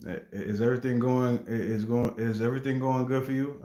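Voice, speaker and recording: A man hosts a casual livestream, reacting and chatting with viewers in a rambling, laid-back way, leaning heavily on fillers like "you know what I mean." His voice is mid-range at a normal speed, and the audio is reverberant.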